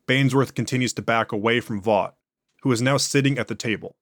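A man giving scripted horror narration in a plain, even delivery. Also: medium pitch, a little fast, dry recording, clean studio sound.

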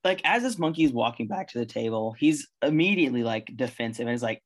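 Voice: medium pitch, lively intonation, fast talker, hardly any pauses. A game master narrating a tabletop game in a casual, rambling way, full of fillers.

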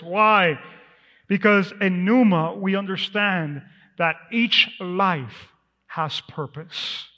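High-voiced pastor preaching in a reverberant hall. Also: male voice, pushed and bright. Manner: conversational, storytelling with asides and laughs. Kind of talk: sermon. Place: church sanctuary. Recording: muffled sound with long hall reverb.

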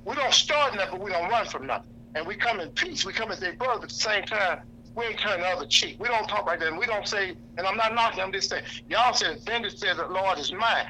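Guy preaching hard at a lunch meeting, high voice, real sharp and bright, blunt, keeps repeating stuff. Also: expressive, fast talker, slight background noise, poor audio. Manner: blunt, preacherly, cites scripture, repeats for emphasis. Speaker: activist speaker. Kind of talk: impassioned speech to a lunch audience. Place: indoor lunch gathering.

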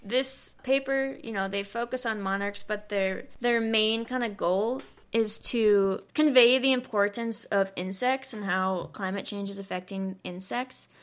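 A young adult woman, a monarch researcher co-hosting a science podcast, explains her research in a loose, chatty way peppered with "like" and "you know". Her medium-pitched voice moves at a measured pace with hardly any pauses.

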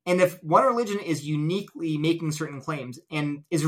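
A man's voice: a little high, fairly quick, hardly any pauses. A man as an interview guest, earnestly explaining an argument step by step with illustrations. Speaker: guest apologist.

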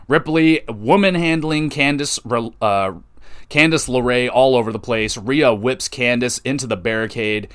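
A man hosts a wrestling podcast, rambling through a casual recap. He talks with eager enthusiasm and drops into quick quoted voices. His mid-pitched voice sits close and dry on the mic. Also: fairly bright tone, clear, resonant tone, no echo. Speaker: podcast host.

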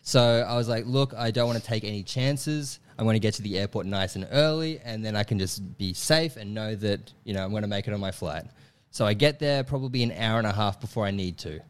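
A man's voice: on the low side, fairly quick, smooth. A young man telling a funny personal story in a casual chat, laughing often and acting out what people said. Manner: animated, laughs often, acts out voices in quotes. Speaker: comedian guest telling a story.

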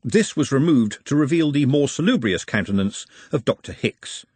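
Brief: husky male storyteller, lively pitch, dry close sound. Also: normal speed, no room sound. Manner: expressive, wry. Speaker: audiobook narrator. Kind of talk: scripted narration.

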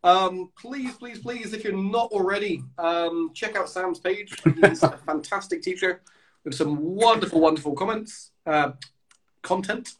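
Lively British man hosting a podcast. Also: sits high, a little slow. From United Kingdom. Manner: animated, swears, mocks posh speech. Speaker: podcast host. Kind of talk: casual chat.

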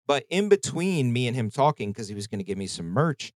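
A man's voice: medium pitch, sing-song, brisk, dry recording. A man hosting a podcast, telling rambling stories in casual chat and swearing freely. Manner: profane, rambling storytelling. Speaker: podcast host.

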